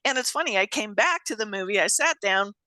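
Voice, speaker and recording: A woman's voice: mid-range voice, lively intonation, fairly quick, bright, forceful tone, no echo. A woman hosting an interview, chatting casually, telling stories with frequent laughter and acted-out quotes. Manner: chatty storyteller, laughs often, acts out quotes. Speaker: host.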